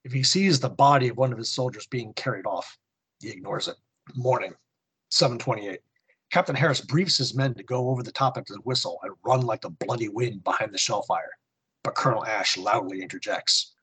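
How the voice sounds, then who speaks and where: A male podcast host reads a war comic with theatrical second-person narration, then moves into a history segment. His medium-pitched voice is a little fast and fairly bright with a breathy edge, and the audio is poor.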